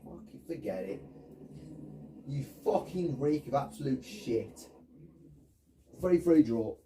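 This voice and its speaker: A man's voice: mid-range voice, lively intonation, slow, warm tone, a little hiss or hum. A man commentating his own video game match, swearing and ranting at his teammates. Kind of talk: frustrated gameplay commentary. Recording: voice distant from the mic.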